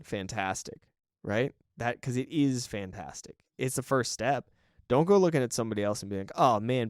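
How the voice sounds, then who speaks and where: A man's voice: medium pitch, darkish tone, dry recording, studio quality. A man hosting a solo podcast in a chatty, encouraging way, often correcting himself and laughing briefly. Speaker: podcast host. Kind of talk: casual solo podcast talk.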